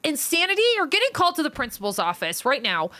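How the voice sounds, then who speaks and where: Woman streamer goofing off with chat, teasing and jokey, voice a bit on the high side. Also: big pitch swings, fast talker, bright, forceful tone. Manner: playful, teasing, joking with chat. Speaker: livestreamer. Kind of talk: casual live-stream chat.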